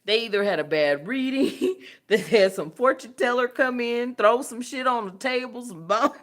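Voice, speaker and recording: A woman's voice: animated, normal speed. Blunt, profane woman ranting on a livestream. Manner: blunt, profane, laughs often; swings from low mutters to loud outbursts. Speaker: spiritual channel host. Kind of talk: casual livestream talk.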